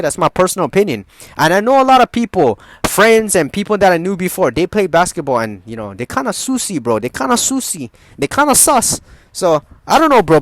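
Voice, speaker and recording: A young man giving casual, profane motivational advice, rambling with lots of fillers and swinging between loud emphasis and quiet asides. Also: medium pitch, no room sound. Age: young adult. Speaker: motivational vlogger.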